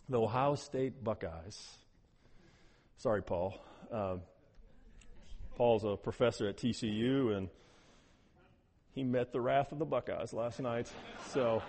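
A man preaching a sermon as pastor, animated, swinging between hushed, soft passages and loud, emphatic ones. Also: mid-range voice, a little slow, long pauses, big-room sound.

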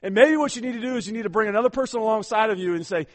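A man's voice: high voice, very fast. A man preaching a sermon as pastor, urging his congregation on emphatically and often repeating words as he goes.

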